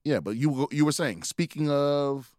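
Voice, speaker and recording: A man's voice: a little high, a little slow, darkish tone, dry recording, studio quality. Profane, rambling man in casual chat. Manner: rambling, profane storytelling with many restarts. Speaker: podcast co-host.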